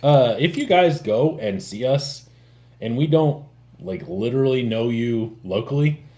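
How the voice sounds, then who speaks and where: Lively, animated man in casual chat. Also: mid-range voice, measured pace. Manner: animated, jokey, swings up into loud bursts. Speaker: co-host of a livestream.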